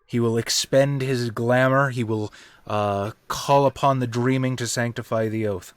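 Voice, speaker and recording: A man's voice: mid-range voice, fairly even intonation, unhurried, no echo. A man taking part as a player in a tabletop role-playing game, earnestly explaining his moves. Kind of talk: casual tabletop play.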